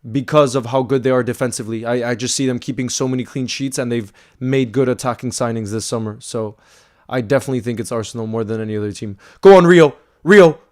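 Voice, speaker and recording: A man hosting a live fan watchalong, calling the play, repeating himself, and swinging between frustration and shouting. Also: medium pitch, quick pace, hardly any pauses. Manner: emotional, swings from frustrated to screaming excitement; calls play by play, repeats phrases.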